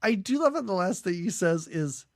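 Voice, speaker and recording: A man's voice: high voice, animated, moderate pace, no room sound, clean studio sound. A man co-hosting a casual movie podcast, recapping scenes with sarcasm and frequent laughs. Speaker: podcast co-host.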